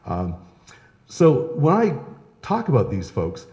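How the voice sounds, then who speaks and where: Speaking slowly with a warm tone and huge pitch swings around a medium pitch, a male historian gives a conversational public talk, often checking in with "right?". He is in a historical society lecture room, an echoey hall with long reverb.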